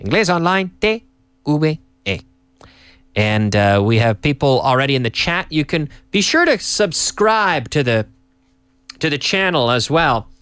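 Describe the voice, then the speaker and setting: A man hosting a live lesson, upbeat and teacherly, repeating phrases slowly for learners. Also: medium pitch, animated, fairly bright tone, smooth, dry recording. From Canada. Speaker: English teacher and host. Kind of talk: live-streamed English lesson.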